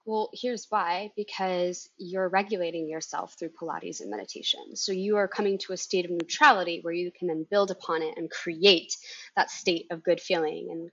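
Low husky woman coaching, dull dry sound. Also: a bit bright, no echo. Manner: encouraging, coaching, expansive explanations. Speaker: founder coach, podcast co-host. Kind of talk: casual podcast chat.

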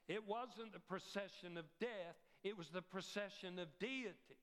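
High-voiced preacher in an echoing hall. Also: male voice. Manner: slow, theatrical, swings from shouts to hushed whispers. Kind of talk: dramatic storytelling sermon.

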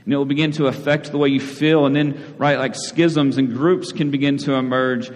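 A male pastor preaching a sermon in a relaxed, conversational way, often asking "right?" and repeating words. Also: mid-range voice, moderate pace. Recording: long hall reverb.

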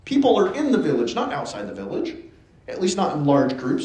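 A man delivers a casual, humorous sermon in a church sanctuary, his fairly high voice swinging up and down as he tells the story. He breaks into quick acted-out quotes and asides. The sound carries a roomy church echo. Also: wildly swooping pitch, a little mellow. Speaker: preacher. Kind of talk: conversational sermon. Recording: echoey church hall.

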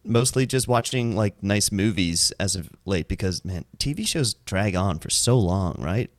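A man's voice: on the low side, a little slow, no room sound, clean studio sound. A man from Iceland co-hosting a podcast, chatting casually with a jokey, teasing manner. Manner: jokey, teasing, lively delivery. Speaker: podcast co-host. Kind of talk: casual chat.

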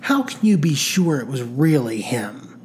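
Skeptical blunt lady friend, read by a woman, low voice, dry. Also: sing-song, unhurried, darkish tone, a little hiss or hum, full character voice. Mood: doubtful.

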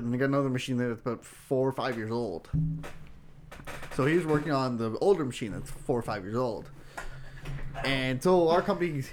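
A man's voice: medium pitch, a little hiss or hum. A man co-hosting a casual podcast, telling a rambling story about a work dispute. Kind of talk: casual banter.

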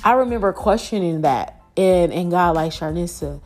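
A woman's voice: fairly low pitch, lively intonation, normal speed, faint music behind. A woman hosting a podcast and preacher, sharing an earnest faith testimony with many fillers and restarts.

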